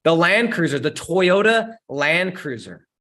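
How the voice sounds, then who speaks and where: Energetic slangy man hosting a live Q&A. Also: fairly high pitch, a little slow. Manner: energetic and slangy, addresses viewers directly. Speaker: host answering live chat questions. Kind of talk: casual live Q&A stream.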